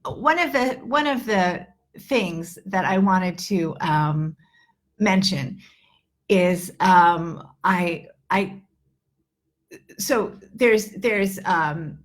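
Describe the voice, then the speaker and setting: A woman's voice: fairly low pitch, expressive, extremely slow. A woman in her fifties, an English teacher and accent coach, giving a chatty, earnest live online lesson with many fillers and restarts. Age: 50s.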